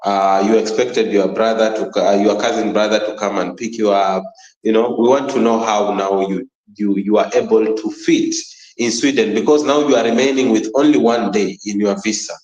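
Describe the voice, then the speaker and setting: African guy hosting an interview, lowish voice, calm, kinda echoey room. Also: normal speed, lo-fi sound. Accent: African English. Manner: calm, affirming listener, frequent "you know". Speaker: interview host. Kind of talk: casual conversational interview.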